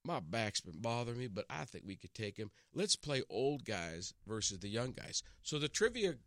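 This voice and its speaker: In a medium-pitched voice at normal speed, a man tells stories as a radio guest in the studio, with no room sound on the studio microphone. His casual chat is animated, full of restarts and acted-out quotes.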